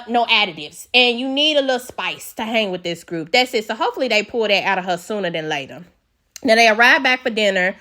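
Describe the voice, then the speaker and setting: A woman talks through a reality show episode with a sassy, blunt edge. Her voice sits a little high, and her delivery is loose and conversational, packed with slang. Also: a bit bright. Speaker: reality TV recap host. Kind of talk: casual commentary recap.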